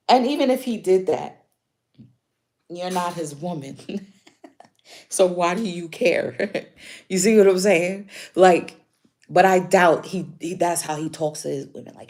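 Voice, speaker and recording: A tarot reader with a fairly low, slightly mellow voice takes it slowly and pauses often, with slight background noise. Her casual spiritual reading for viewers is chatty, full of laughs and emphatic repetition of key points.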